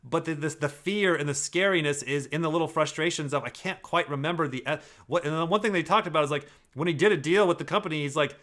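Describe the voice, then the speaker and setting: Bright-voiced man, profane rambling commentary. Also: a little high, fast. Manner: profane, rambling, animated with restarts. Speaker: personality-typing commentator. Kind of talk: casual analysis of played clips.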